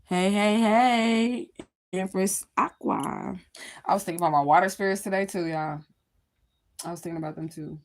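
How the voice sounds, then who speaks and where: A woman's voice: medium pitch, fairly even intonation, normal speed. A woman chatting casually on a livestream, talking to her viewers in a candid, rambling way and swearing freely. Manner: addresses viewers directly. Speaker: livestream host.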